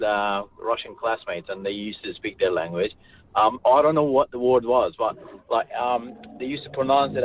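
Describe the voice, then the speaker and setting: A man calling in to a radio show, speaking haltingly with many fillers. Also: mid-range voice. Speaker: caller. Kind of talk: phone-in chat. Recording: tinny phone line with faint noise.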